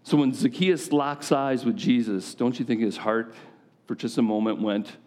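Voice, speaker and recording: A man's voice: mid-range voice, moderate pace, darkish tone. A man preaching in conversational style. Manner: conversational, asks listeners questions directly. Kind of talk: sermon to a men's gathering.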